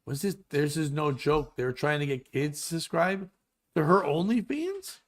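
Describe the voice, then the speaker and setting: A man hosting a comedy podcast, ranting in a loud, exasperated and profane way. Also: fairly high pitch, expressive, a little slow. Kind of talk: crude comedic rant.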